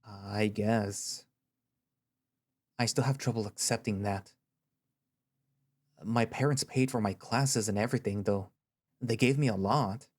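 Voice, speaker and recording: A man voicing a hurting young male fighter who speaks in a hesitant, halting way in an audio story reading. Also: lowish voice, a little mellow.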